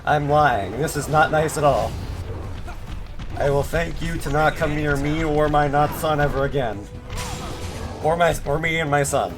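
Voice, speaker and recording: A man's voice: on the high side, a little slow, long pauses. A man streaming gameplay, chatting in a sarcastic, joking way with rambling asides. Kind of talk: live gameplay commentary. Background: game music.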